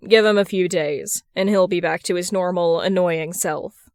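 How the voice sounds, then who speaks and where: A gruff older brother who grumbles and deadpans, speaking a touch louder than the narration, as a woman puts him on. The tone is smooth and clear in a dry, close recording for an audiobook-style story. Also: fairly low pitch, fairly even intonation, moderate pace, dry recording, close to an everyday voice. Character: gruff protective young man, older brother.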